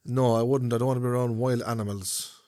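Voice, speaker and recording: An Irish man in his fifties talks in a relaxed podcast chat at a middling pitch. He is earnest and sincere, and his conviction shows when faith comes up. The sound is dry, with almost no room. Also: quick pace, dry recording. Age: 50s. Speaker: podcast co-host. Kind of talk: casual chat.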